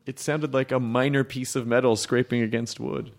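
A man's voice: medium pitch, flat delivery, normal speed, vocal fry. A man in his thirties hosting a podcast, joking crudely through a loose, casual chat. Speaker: podcast host. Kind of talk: casual comedic interview chat.

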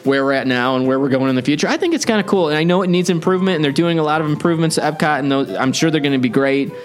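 A man from the Chicago area hosts a theme park podcast, chatting enthusiastically and wandering from point to point. His voice is on the high side and very fast, with soft music playing in the background.

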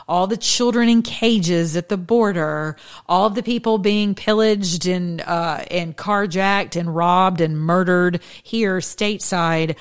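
A woman's voice: on the low side, clear, resonant tone. Sarcastic combative woman ranting. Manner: sarcastic, combative, frequent laughs. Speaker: podcast host. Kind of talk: opinion monologue.

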